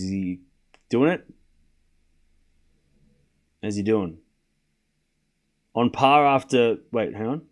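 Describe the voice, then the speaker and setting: A young man with a lowish, slightly mellow voice streams a live tennis watchalong. Chatty and rambling, he talks with his chat and calls the score, with fillers and restarts throughout.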